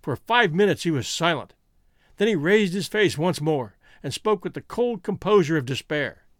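A male narrator reading a classic mystery aloud in a steady, storytelling way. His pitch runs high and moves lively, and the close mic leaves it dry. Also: normal speed, dry recording.

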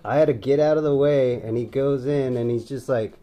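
A man co-hosting a podcast, telling stories in excitable, profane casual chat. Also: mid-range voice, a little fast. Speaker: podcast co-host.

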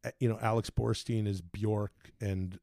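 A man telling loose, profane stories in casual chat, slipping into quick impressions. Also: lowish voice, steady tone, creaky, mellow, no room sound, studio quality. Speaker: podcast guest telling stories.

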